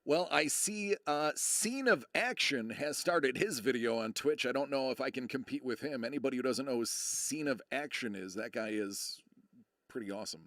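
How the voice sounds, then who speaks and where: This middle-aged American man talks at a moderate pace in a medium-pitched, slightly bright voice, recorded dry with studio quality. Chatting casually on a live stream, he rambles and pokes fun at himself, full of fillers and restarts.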